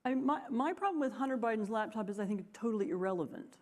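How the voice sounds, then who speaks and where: A woman's voice: a little high, expressive, fast talker, a little mellow. A woman on a conference panel answering a question in a hesitant, dismissive way.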